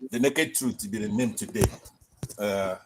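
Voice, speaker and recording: A man's voice: lowish voice, a little slow, slight background noise. A man speaks emphatically on a call-in line. He drives his points home and caps them with rhetorical tag questions. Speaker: caller. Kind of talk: call-in commentary.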